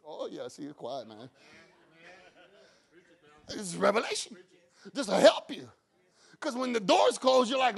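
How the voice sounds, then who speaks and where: A man preaching a sermon as pastor, moving from quiet talk to shouted preaching and acting out his own prayers and God's answers. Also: sits high, sing-song, unhurried, vocal fry, pauses often, slightly rough.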